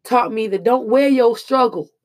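With a fairly high voice at a moderate pace, a young woman delivers an emotional personal monologue. She's earnest and emphatic, casual and slangy, sharing lessons she learned the hard way.

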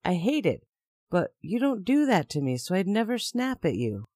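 A man's voice: high-pitched, wildly swooping pitch, normal speed, a little mellow, no echo, studio quality, pitched above the performer's own voice, exaggerated voice. A man voicing a defensive, volatile adult male partner who talks in a raised, accusing, self-pitying way. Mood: pleading.

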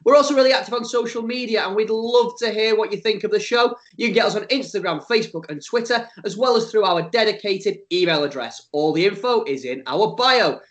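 A man co-hosting a light-hearted podcast, playful and teasing, quick to laugh. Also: high-pitched. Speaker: podcast co-host.

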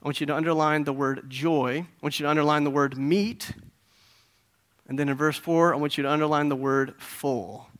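A middle-aged man preaching a sermon in an earnest, conversational way, often checking in with the congregation and rising into louder, higher emphasis. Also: fairly even intonation, moderate pace. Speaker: pastor.

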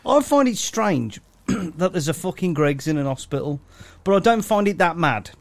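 A man's voice: high-pitched, animated, normal speed. A man, teasing his co-host and swearing in casual banter. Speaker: podcast co-host.

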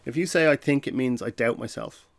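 A man's voice: mid-range voice, fairly quick, gravelly. Casual male podcast host explaining things. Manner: conversational, uses fillers and restarts, acts out short phone exchanges.

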